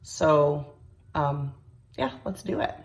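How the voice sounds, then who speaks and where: Speaking slowly in a low, steady voice, this cooking vlogger is a New York woman in her thirties. She sounds a little congested and nasal as she chats and rambles in her home kitchen, full of fillers while she cooks.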